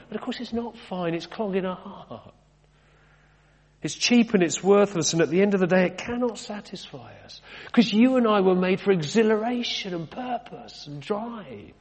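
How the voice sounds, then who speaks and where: A man's voice: sits high, moderate pace, a little mellow. A middle-aged British man, a vicar preaching a sermon in a chatty, conversational way, throwing in rhetorical questions and wry asides about himself. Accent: British English. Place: church. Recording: long church reverb.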